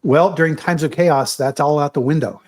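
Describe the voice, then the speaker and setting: A man's voice: on the high side, moderate pace. A middle-aged man hosting a podcast, chatting casually and telling anecdotes, often repeating words as he goes. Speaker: podcast host. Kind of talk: casual conversational chat.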